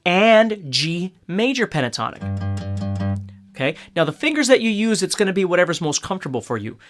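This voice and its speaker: A man's voice: high-pitched, big pitch swings, a little fast. A man giving a casual, step-by-step guitar lesson, often checking in with "okay?". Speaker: guitar teacher. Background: acoustic guitar playing.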